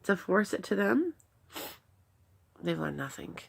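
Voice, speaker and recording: A middle-aged woman speaking earnestly about parenting, reflecting on arguments with her son and demonstrating gentle replies. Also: on the low side, sing-song, takes it slowly, gravelly, husky. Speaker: parenting talk host. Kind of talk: personal advice talk.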